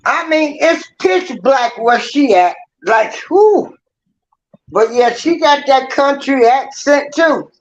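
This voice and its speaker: A woman from Mississippi chats loosely on a live call, slow and easygoing. Her voice is high, and it comes through a dull, lo-fi line. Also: expressive. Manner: loose, joking. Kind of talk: casual group chat. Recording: dull lo-fi online call audio.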